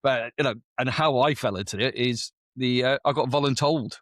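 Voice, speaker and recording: A mid-range, slightly bright voice at normal speed belongs to a British army veteran and business owner in his forties. He tells his story chattily in a casual interview, full of quoted dialogue. The audio is studio quality, with no room sound.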